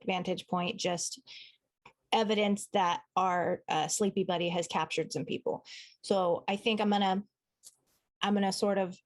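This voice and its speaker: A woman playing in a tabletop game, chatting and thinking aloud about her moves. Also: on the low side. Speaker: player. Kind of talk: casual tabletop play.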